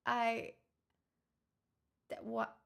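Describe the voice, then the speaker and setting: A woman streamer chatting casually on a live stream, sarcastic, giggly and easily flustered. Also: very slow.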